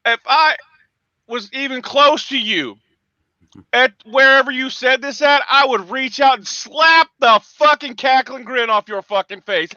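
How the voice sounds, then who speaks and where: A man hosts a morning livestream and breaks into profane, shouting tirades. His voice sits high and very bright. The sound is dry and dull, like a lo-fi recording. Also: measured pace, no echo. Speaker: host.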